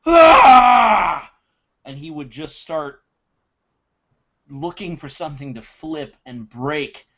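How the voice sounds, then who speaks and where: A man's voice: a little high, highs cut off. Dramatic man narrating his character. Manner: dramatic, acts out his character's anguished shouts. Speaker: player. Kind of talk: in-character narration in a tabletop game.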